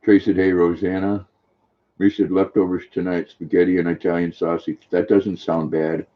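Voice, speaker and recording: A man's voice: low-pitched, flat delivery, moderate pace, dull audio. An older man hosting a casual live stream, chatting affectionately and talking sweetly to his dog.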